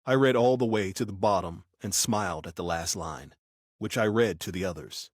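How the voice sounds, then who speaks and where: Steady low-voiced man narrating. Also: moderate pace, dry recording, studio quality. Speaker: audiobook narrator. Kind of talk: first-person scripted audiobook narration.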